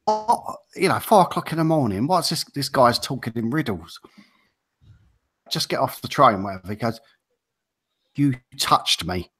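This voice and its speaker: A man's voice: mid-range voice, expressive, a little fast, a bit bright, breathy edge. A man, telling a rambling anecdote in a casual podcast chat. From England. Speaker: podcast co-host.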